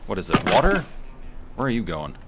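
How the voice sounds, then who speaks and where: A man's voice: fairly low pitch, huge pitch swings, a little fast, noisy background. A man giving casual, wry commentary while playing a game, chatting to himself. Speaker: gameplay streamer.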